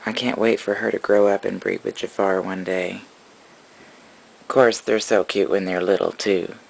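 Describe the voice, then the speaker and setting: A man's voice: sits low, level tone, normal speed, creaky, low-quality recording. A man narrating a casual vlog about his pet reptiles, rambling and affectionate, cooing at his animals. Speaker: reptile keeper.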